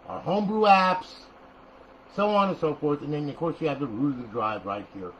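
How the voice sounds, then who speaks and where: A man's voice: a little high, a little fast, fairly bright tone, dull audio, slight background noise. A man walking a viewer through a console menu in a casual tutorial, blunt and profane, with frequent "okay?" checks. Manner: repeats "okay?" and "all right?" as checks. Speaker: tutorial host.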